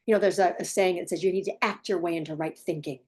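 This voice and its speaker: A woman's voice: lowish voice, steady tone, fast talker, mellow, slightly rough. A woman parenting coach giving blunt, emphatic advice straight to the viewer, repeating points for stress. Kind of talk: direct advice monologue.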